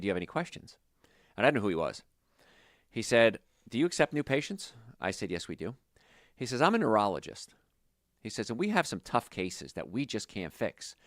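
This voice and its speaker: This man's voice sits fairly low and comes through with studio quality and no echo. He works as a holistic health practitioner, and he fields viewer questions in a relaxed, animated, talkative style that wanders off into stories.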